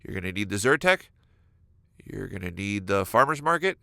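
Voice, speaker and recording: Gravelly, bright-voiced comedic podcast host. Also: male voice, on the low side, normal speed, dry recording, clean studio sound. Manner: animated, exaggerated, acts out imagined dialogue. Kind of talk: comedic solo podcast monologue. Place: California.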